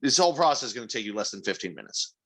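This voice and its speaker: Blunt man with a bright, forceful voice. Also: medium pitch, big pitch swings, rapid-fire. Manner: blunt, crude joking. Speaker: podcast co-host. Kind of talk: casual chat.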